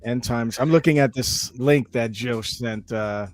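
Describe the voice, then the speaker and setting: A man's voice: mid-range voice, unhurried, no room sound, faint music behind. A man hosting a casual group voice chat on his stream, easygoing and often restarting his words. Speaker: stream host.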